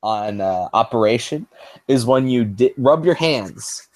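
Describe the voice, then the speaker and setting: A man's voice: medium pitch, animated, a little slow. A man casually chatting on a stream, telling funny stories animatedly and laughing a lot. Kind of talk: casual chat.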